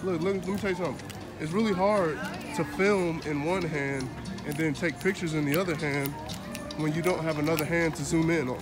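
A man talks in a casual, playful vlog as he walks through a theme park. His voice sits somewhat high. Music plays clearly behind him. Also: a little fast. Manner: playful, jokey. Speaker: vlogger.

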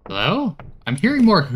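A man's voice: on the low side, dull audio. A man giving chatty commentary while playing a horror game, talking back to the characters on screen. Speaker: gaming streamer.

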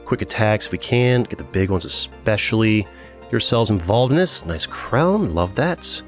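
A man with a fairly low voice talks through a strategy match as he plays. He thinks aloud, with frequent ums and restarts. Faint music plays under him. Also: animated, normal speed. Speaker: gaming channel host. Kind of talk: casual gameplay commentary.

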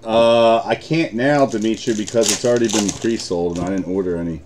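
A man's voice: lowish voice, brisk, background noise. A man with an American accent hosting a live card break, chatting casually, swearing and laughing often.

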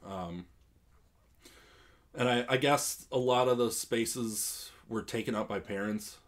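A man's voice: mid-range voice, slow pace. A young man hosting a casual podcast chat, rambling with lots of ums and laughs while drinking beer. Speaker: podcast host.

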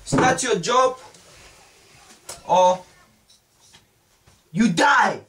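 A man acting a hot-tempered young man who yells, swears and threatens in an amateur comedy film. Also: very high voice, lively intonation, drawn-out words, heavily acted. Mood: furious. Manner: yelling and swearing, then crooning on the phone. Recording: distant mic with faint noise.

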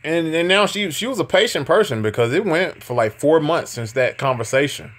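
Man, 30s, podcast host type, rambling animated storyteller who laughs a lot and swears freely. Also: fairly high pitch, a little fast. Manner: animated, laughing, profane, repeats words when excited. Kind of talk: casual storytelling.

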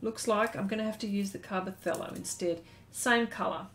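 A woman's voice: mid-range voice, a little fast, background noise. An Australian woman hosting an art live stream, chatting casually and reading viewer comments aloud as she draws.

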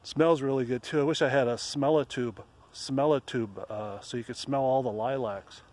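A man's voice: mid-range voice, steady tone, a little mellow. A man chatting while walking outdoors in a wooded park, rambling and self-deprecating, a bit out of breath. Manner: self-deprecating, rambling, sings folk song slowly. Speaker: vlogger. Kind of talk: casual walking vlog with singing. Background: faint outdoor ambience.

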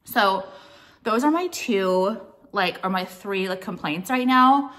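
A woman's voice: medium pitch, takes it slowly, a bit bright. Young adult woman, vlogger, blunt and profane, opinionated rant delivery. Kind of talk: casual vlog rant.

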